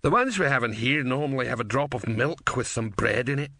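A folksy tavern barman, as a male reader puts him on, rambling along in a matter-of-fact way. The voice is bright and forceful, heard close and dry. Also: medium pitch, expressive, a little fast, dry recording. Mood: chatty easygoing. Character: chatty folksy middle-aged male barman.

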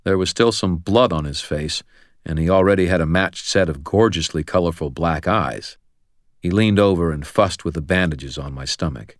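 A man reads a first-person audiobook in a very low, deep voice. His delivery is steady and measured with a wry edge, recorded close and dry with no room sound. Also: no echo. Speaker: audiobook narrator.

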